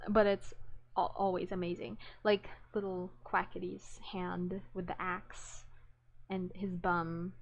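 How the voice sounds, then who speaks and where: A woman giving casual reaction commentary as a fan, excitable and rambling, often restarting her words. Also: fairly low pitch, vocal fry.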